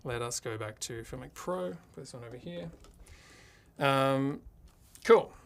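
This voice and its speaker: A man's voice: mid-range voice, measured pace, creaky. A man from Australia hosting a live tech tutorial from his home streaming studio, talking casually and thinking aloud as he works his gear. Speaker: livestream host.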